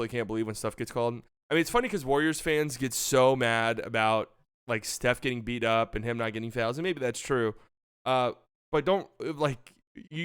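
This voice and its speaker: A man's voice: medium pitch, fairly bright tone, clear, resonant tone, no echo, studio quality. A young man hosting a casual basketball talk show, ranting with exasperation and repeating himself. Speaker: sports podcast host.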